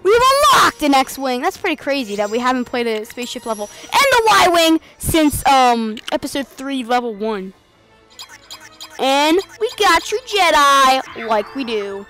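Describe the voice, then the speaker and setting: Excitable high-voiced woman gaming host. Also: faint music behind. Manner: excitable, playful, quick to shout and mimic characters. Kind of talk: let's play commentary.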